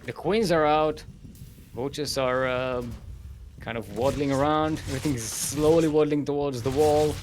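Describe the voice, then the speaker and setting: A man's voice: a little high, steady tone, moderate pace, background noise. A man casting a live esports match as play-by-play commentator, playful and giggly, joking between calls. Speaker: esports caster.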